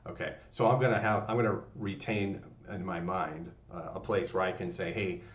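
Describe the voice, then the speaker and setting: Motivational host, man, very low voice, rambling folksy delivery, dull echoey recording. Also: steady tone, moderate pace. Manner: rambling, folksy, many fillers and restarts. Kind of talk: motivational talk. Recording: distant, roomy, dull lo-fi sound.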